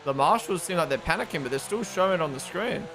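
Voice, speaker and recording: Male streamer in a casual race watch-along, excitable and chatty, slightly high voice, race broadcast noise behind. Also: fast talker. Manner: excitable, chatty, calls viewers bro. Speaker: live streamer. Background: race broadcast audio playing.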